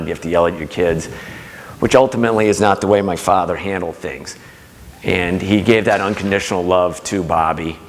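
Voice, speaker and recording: A middle-aged man giving a talk, telling family stories and acting out the voices in them. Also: deep voice. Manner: warm anecdotal storytelling, acting out quoted voices. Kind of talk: storytelling talk to an audience. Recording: long hall reverb.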